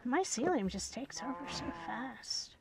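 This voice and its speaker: Woman gamer, higher voice with a gravelly edge, muttering commentary that breaks into loud scolding. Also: very animated, unhurried, noisy background. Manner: mutters and whispers to herself, scolds animals in loud bursts. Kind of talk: gameplay commentary.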